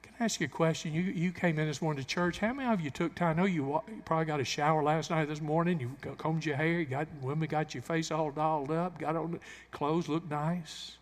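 A pastor preaching a sermon in a church, swinging into loud emphatic bursts and acting out the quotes he cites. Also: fairly high pitch, steady tone, fast talker, few pauses. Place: church sanctuary. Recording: long hall reverb.

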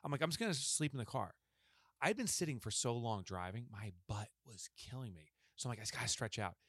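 A man co-hosting a podcast spins a long story in casual chat, animatedly acting out the lines of the people in it. His voice is mid-range, fast and husky. The recording is studio quality with no room sound.

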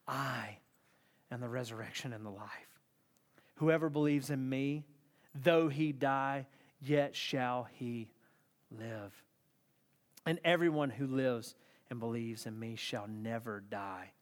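Brief: a male preacher doing a gentle, low, solemn Jesus; unhurried. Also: close to an everyday voice. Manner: slow, hushed, solemn. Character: calm, solemn Jesus speaking to a mourner.

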